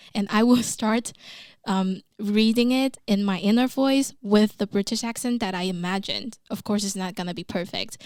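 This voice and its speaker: A woman's voice: medium pitch, clear, resonant tone, no room sound. A woman hosting a casual podcast chat in a recording studio, chatty and giggly, with frequent fillers. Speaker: podcast host.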